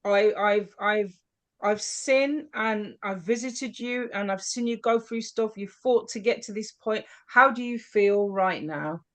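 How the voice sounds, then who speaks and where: A woman's voice: medium pitch, a little slow. A woman from Birmingham, a guest on a video call, asking a question in an effusive, churchy way. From Birmingham, England.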